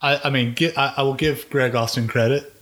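A man co-hosting a podcast, talking about a TV series in a measured, even-handed way, often restarting his sentences. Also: medium pitch. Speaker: podcast co-host. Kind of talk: casual chat reviewing a TV series.

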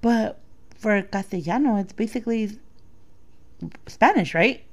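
A woman co-hosting a casual chat, telling an anecdote in a relaxed, teasing way. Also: mid-range voice, unhurried.

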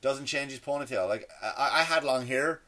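With a sharp tone and mid-range voice at a moderate pace, a seated man indoors rambles through a sarcastic, mocking comedic rant. He has a non-American English accent and stammers and restarts frequently.

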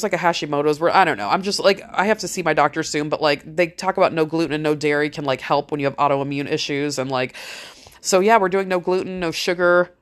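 Blunt, foul-mouthed woman, slightly low voice. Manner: blunt, heavy swearing, frank; motivational, rambling. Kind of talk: casual monologue.

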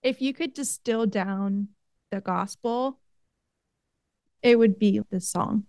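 A woman's voice: mid-range voice, takes it slowly, mellow, no room sound. A woman in her twenties in casual conversation, effusive and easily moved. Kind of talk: casual chat.

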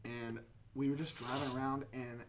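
A woman co-hosting a podcast recounts a story from her childhood in an easygoing chat, rambling with filler words and laughing along. Her voice is deep and rumbling with a flat delivery at an ordinary pace, and the background is noisy.

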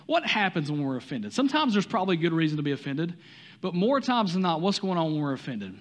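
A man's voice: fairly high pitch, very animated, quick pace. A man with a Southern US accent preaching a sermon, talking to the congregation with many rhetorical questions and some stumbles. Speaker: pastor.

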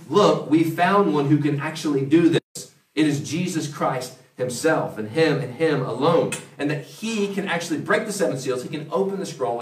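A man preaching a conversational sermon, acting out quoted voices as he goes. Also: fairly high pitch. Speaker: pastor. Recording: roomy, from a distance.

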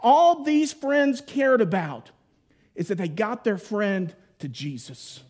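A man with a high, light voice preaches a sermon like a storyteller. He jumps into playful voiced asides and then drops to a hushed, solemn hush for weighty moments. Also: animated, slow.

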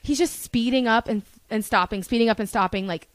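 Young woman, bright higher voice, chatty storytelling, dry close podcast mic. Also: brisk, dry recording. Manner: chatty, animated, swears freely, heavy use of "like". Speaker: podcast guest. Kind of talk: casual storytelling. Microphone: studio podcast mic.

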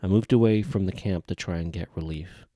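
A man's voice: low-pitched, fairly quick, dark tone, no room sound, clean studio sound, natural voice. A man reading a storybook voices an evasive, deferential male soldier who speaks hesitantly to his superior. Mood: apologetic.

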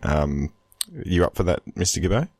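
A man's voice: moderate pace, a little mellow, no echo. A man co-hosting a casual gaming podcast, telling stories with frequent laughter and restarts. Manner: laughing storyteller, lots of restarts, giggly high bursts. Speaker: podcast co-host.

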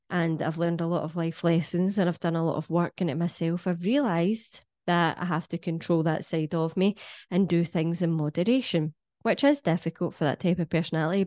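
A Scottish woman in middle age with a lowish, warm voice, talking straight at her viewers. She is blunt and cheeky, swears freely, and lectures in a close, dry sound. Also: dry recording. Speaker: wellness vlogger. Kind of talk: casual monologue to camera.

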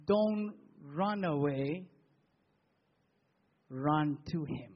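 A man preaching a sermon as pastor, posing rhetorical questions with emphatic pauses. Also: sits high, slightly rough, lo-fi sound.

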